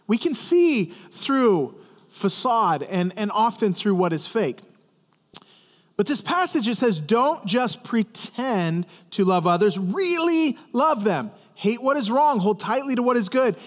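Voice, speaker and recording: A man delivers a sermon in a high, animated voice that swoops up and down. He talks to the congregation like a friend, stumbling over repeated words and tossing them questions. His voice rings out with a long reverb, as in a big hall. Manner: conversational, stammering restarts, questions to the congregation. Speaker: pastor. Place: church service.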